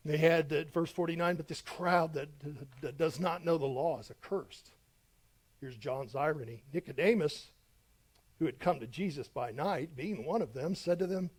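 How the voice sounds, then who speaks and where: A middle-aged man preaching verse by verse as a pastor, reading scripture dramatically with emphatic rises. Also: on the high side. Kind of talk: verse-by-verse sermon.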